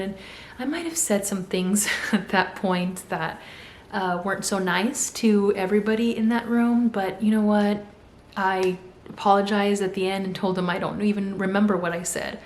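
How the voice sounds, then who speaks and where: A woman's voice: mid-range voice, normal speed. A young adult woman telling a story in a casual way and acting out the voices she quotes. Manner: animated, acts out quoted voices. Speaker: vlogger. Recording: echoey room with faint hum.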